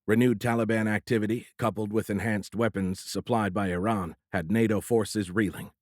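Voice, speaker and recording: A male audiobook narrator with a low voice, reading in a steady, measured way. The recording is close-miked and dry, with no room sound behind it. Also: no room sound. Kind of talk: scripted narration.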